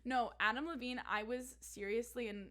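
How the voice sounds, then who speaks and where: A woman's voice: fairly high pitch, fairly even intonation, moderate pace, a bit bright. Giggly young woman, jokey podcast chat. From Pennsylvania, USA. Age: 20s. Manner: joking and giggly, lots of "like" and "um". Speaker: podcast co-host. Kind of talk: casual chat.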